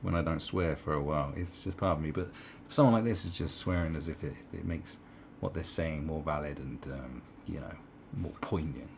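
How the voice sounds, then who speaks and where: A man with a very low voice rambles through sarcastic opinion commentary, circling back with fillers and asides. His recording carries a faint hiss underneath. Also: a little fast, creaky, hardly any pauses.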